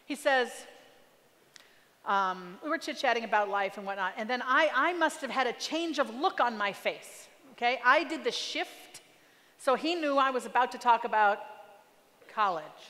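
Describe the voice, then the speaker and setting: A woman in her forties giving a storytelling talk as a guest speaker, animated and acting out family dialogue. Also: fairly high pitch, normal speed. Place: large hall. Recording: reverberant hall.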